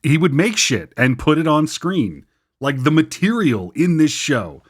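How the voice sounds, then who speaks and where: Expressive man joking on a podcast. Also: on the high side, unhurried. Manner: expressive, jokey, swears casually. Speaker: podcast co-host. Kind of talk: casual podcast chat.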